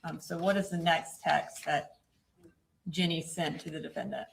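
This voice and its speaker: Low, gravelly woman prosecutor questioning a witness. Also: fairly even intonation, slight background noise, poor audio. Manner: measured, procedural questioning. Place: courtroom.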